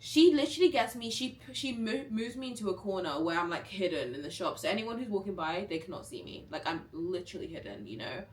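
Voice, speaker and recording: A woman's voice: mid-range voice, expressive, fast talker, hardly any pauses, far from the mic, a little hiss or hum. Young woman telling a dramatic storytime. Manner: chatty and dramatic, acts out quotes. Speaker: vlogger. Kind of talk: storytime vlog. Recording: roomy, a bit off-mic.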